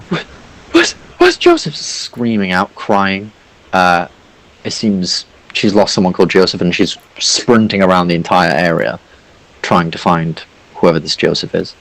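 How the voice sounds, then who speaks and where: A man's voice: sits low, low-quality recording. A man narrating a tabletop game as game master, rambling with lots of fillers.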